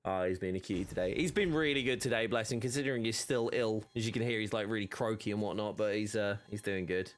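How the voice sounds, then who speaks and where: A man's voice: lowish voice, fast talker, few pauses. A young man live-streaming a game, talking casually and rambling with many restarts.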